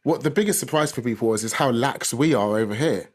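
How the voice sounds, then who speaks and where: Man, podcast co-host, chatty storyteller, mid pitch. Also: fast talker. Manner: chatty storyteller, laughs at himself. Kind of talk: casual podcast chat.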